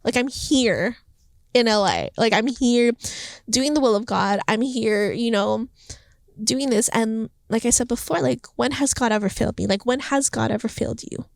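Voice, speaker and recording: A young woman talking about her faith in a casual vlog, chatty and animated, filling her sentences with "like" and acting out what was said. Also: fairly high pitch, moderate pace, vocal fry, no echo. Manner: chatty, heavy use of "like", animated quoting. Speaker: faith vlogger. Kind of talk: casual devotional vlog monologue. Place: indoors, Los Angeles home. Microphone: phone or camera mic.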